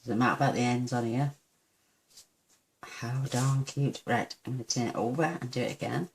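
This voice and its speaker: A woman's voice: very deep voice, fairly even intonation, moderate pace, a little hiss or hum. A woman hosting a casual craft tutorial at her desk. She chats as she works, gushes over how cute each step looks and pokes fun at herself. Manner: chatty, gushing over cute results, self-deprecating. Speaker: papercraft tutorial host.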